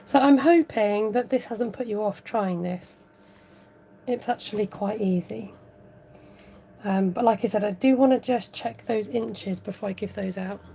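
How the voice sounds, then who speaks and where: Her voice is mid-range, warm and creaky, and she speaks a little slowly against a slight hiss or hum. Working through a papercraft tutorial at home, the woman keeps up a chatty, giggly running commentary.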